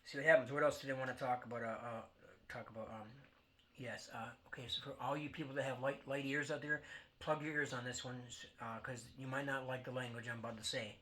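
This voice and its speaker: A man's voice: mid-range voice, fairly even intonation, brisk, a bit bright. A man hosting a football talk show, ranting bluntly with lots of fillers and swearing. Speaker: sports podcast host. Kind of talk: casual sports rant.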